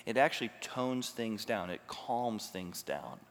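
A man's voice: on the low side, expressive, measured pace. A man preaching a sermon as a pastor, teaching emphatically and asking rhetorical questions. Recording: long hall reverb.

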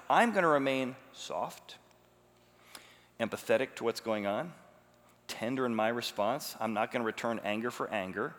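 A man's voice: mid-range voice, normal speed, a bit bright. A man preaching a sermon as a pastor, teaching emphatically and asking rhetorical questions. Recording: long hall reverb.

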